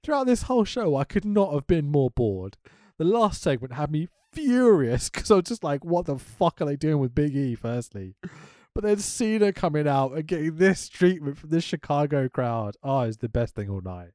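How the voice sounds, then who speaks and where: Sweary guy on a podcast, pitch all over the place, laughs a lot, dead dry sound. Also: moderate pace, dry recording. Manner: sweary, animated, laughs often. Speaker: podcast co-host. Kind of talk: casual chat.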